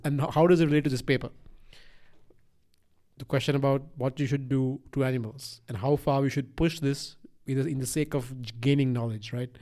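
A man's voice: medium pitch, a little fast. Rambling, profane man with a mixed accent. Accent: mixed, slight Eastern European. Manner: rambling, profane, animated, laughs often. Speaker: podcast co-host. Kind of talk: casual podcast chat.

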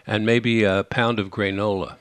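A man hosting a radio interview, friendly and self-deprecating with quick jokes. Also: lowish voice, level tone, fairly bright tone, clean tone, dry recording. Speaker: radio host.

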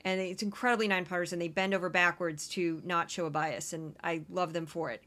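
A woman's voice: on the low side, fairly even intonation, a bit bright. A woman hosting a podcast, giving wry, chatty political commentary and a news rundown. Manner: wry, chatty, quick asides. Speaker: podcast host.

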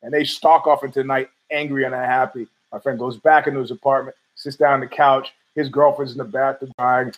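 A man's voice: medium pitch, little pitch movement, brisk, few pauses, poor audio. A man hosting a podcast, rambling and profane, arguing with himself in a casual monologue. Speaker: podcast host.

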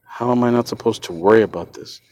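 A man's voice: fairly low pitch, quick pace, darkish tone, slight background noise. A man hosting a podcast, telling a first-person story in an earnest, shaken way, often repeating and restarting his words. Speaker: podcast host.

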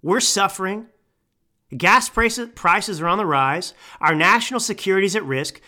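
A man's voice: sits high, normal speed. A man in his thirties, a podcast host, delivering an angry political commentary rant into a microphone. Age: 30s. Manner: angry, ranting, yelling. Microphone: studio microphone.

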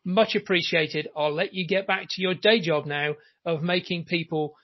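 A man's voice: sits high, fairly even intonation, moderate pace, lo-fi sound. A man hosting a casual interview podcast, chatty and full of fillers. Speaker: podcast host.

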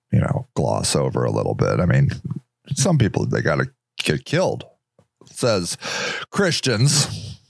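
A man's voice: deep voice, creaky, dry recording, clean studio sound. A man hosting a casual solo podcast, rambling sarcastically and mocking other people's voices. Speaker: podcast host.

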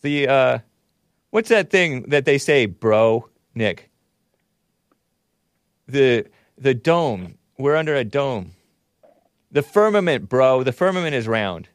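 A man's voice: medium pitch, sing-song, slow pace, long pauses, no echo, studio quality. A man hosting a call-in talk show, rambling and musing aloud while he laughs at his own remarks. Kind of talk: casual call-in show chat.

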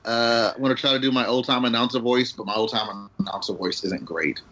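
A man's voice: mid-range voice, fairly even intonation, brisk, sharp tone, slight background noise. A man hosting a podcast game round in a wry, joking way, with fillers, on a dull online call recording. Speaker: game show host.

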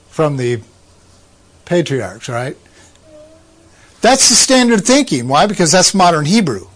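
Man, high voice, slow measured delivery, Bible teacher, rhetorical questions, asides to listeners. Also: very animated, a bit bright.

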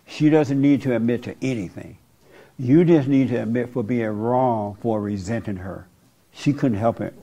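Male preacher counselor, blunt and direct, mid-pitched voice. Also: normal speed, warm tone. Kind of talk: counseling talk.

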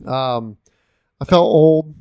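A man's voice: on the high side, extremely slow, clean tone, no echo, dull audio. A young man, telling an easygoing story in casual podcast chat. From Texas. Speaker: podcast co-host.

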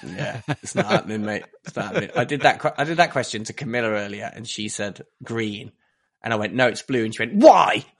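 A man hosting a casual quiz among friends in a jokey, brisk way, laughing often. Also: lowish voice, a bit bright. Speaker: quiz host. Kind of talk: casual podcast chat.

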